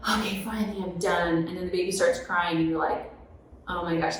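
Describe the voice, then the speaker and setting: Animated woman author, echoey distant mic. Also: on the low side, fairly quick. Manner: animated, tag questions like "right?". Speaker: author and guest. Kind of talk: conversational podcast storytelling.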